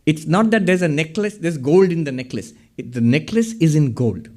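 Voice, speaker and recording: A man's voice: on the high side, normal speed, a little mellow. A man giving a public lecture from a podium. He explains ideas step by step and keeps asking the audience questions. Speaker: lecturer on Vedanta. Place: hall with a podium. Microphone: speaking at a podium.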